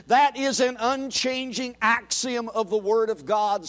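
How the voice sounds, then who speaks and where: A man preaching a sermon, reading scripture aloud and swinging from quiet, low murmurs to loud, raised declarations. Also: steady tone, a little slow, few pauses. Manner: reads scripture aloud and asks the congregation to repeat. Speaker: pastor.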